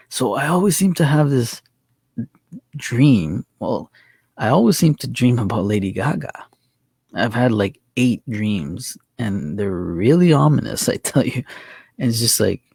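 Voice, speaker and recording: A man's voice: mid-range voice, animated, unhurried, creaky, a little mellow, breathy edge, no echo. A man hosting a casual chat, rambling through a story with restarts and chuckles. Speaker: channel host.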